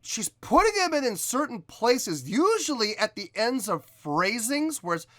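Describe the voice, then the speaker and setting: A man's voice: very high voice, very animated, measured pace, fairly bright tone, dry recording, clean studio sound. A man hosting a music reaction video, explaining vocal technique in analytical commentary and sometimes scatting rhythms to show his point.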